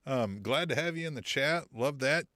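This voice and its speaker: A man's voice: medium pitch, lively intonation, moderate pace, pushed and bright, no echo, clean studio sound. A man co-hosting a wrestling podcast in casual chat, jokey and swearing, reading out comments from the live chat. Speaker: co-host.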